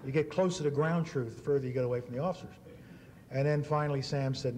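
A man in his fifties giving an after-dinner speech. He spins anecdotes and acts out the quotes in a mellow, relaxed voice at an ordinary pitch. Faint room noise sits underneath. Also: fast talker. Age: 50s. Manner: anecdotal storytelling with acted quotes. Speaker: dinner speaker. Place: banquet hall.

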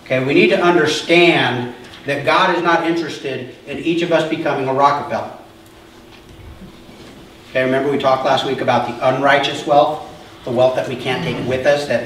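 A man's voice: medium pitch, a little hiss or hum. A male pastor giving a conversational sermon and often checking in with the congregation. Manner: conversational preaching, asks the congregation questions. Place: church. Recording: echoey church hall from far off.

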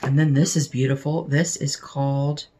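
A woman unboxing beauty products at home, chatting casually and gushing with excitement, now and then dropping to a soft whisper. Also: rumbling low, moderate pace, a little hiss or hum. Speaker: beauty vlogger unboxing mail.

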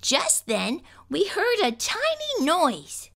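A woman reading a children's picture book aloud in an expressive storytelling style. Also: extremely high pitch, slow, vocal fry.

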